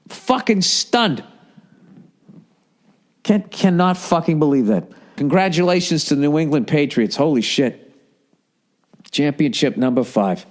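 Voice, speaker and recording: A man's voice: on the high side, darkish tone. A middle-aged man, hosting a podcast in a casual, profane, exasperated monologue that rambles between thoughts. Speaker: podcast host.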